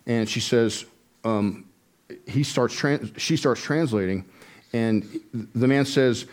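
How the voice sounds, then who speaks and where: A man's voice: lowish voice, fairly even intonation, takes it slowly. A middle-aged man, a former Navy man, preaching a sermon and telling a story in a conversational way, with frequent fillers and restarts. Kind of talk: sermon testimony.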